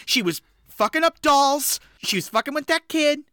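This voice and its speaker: A woman co-hosting a podcast, retelling a film in an animated, dramatic way with character voices. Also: high voice, moderate pace, no echo, studio quality. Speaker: podcast co-host. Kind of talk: casual film recap chat.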